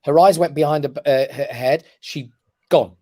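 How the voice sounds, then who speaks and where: A man, a guest on a talk show, telling a personal story with lively emphasis and frequent "right?" check-ins. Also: on the high side, moderate pace, dry recording, studio quality. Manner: animated storyteller who keeps checking in with "right?". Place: his office.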